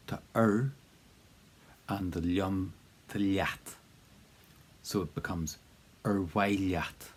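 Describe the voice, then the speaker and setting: A man leads a spoken language lesson in a relaxed, encouraging tone, breaking things up with fillers and repeated prompts to say each phrase out loud. His voice sits very low and has a husky grain to it. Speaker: language teacher.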